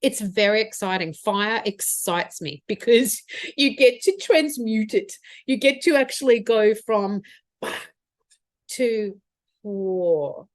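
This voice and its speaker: A woman mentor giving an earnest, expressive motivational talk on spiritual practice for business, thinking aloud with fillers. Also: a little high, measured pace, dry recording, clean studio sound.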